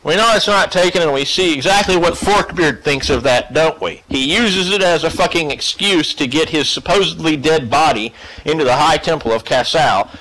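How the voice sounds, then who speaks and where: A man giving a casual spoken lecture to a class, profane, animated and emphatic. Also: fairly high pitch, moderate pace, low-quality recording. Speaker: class teacher.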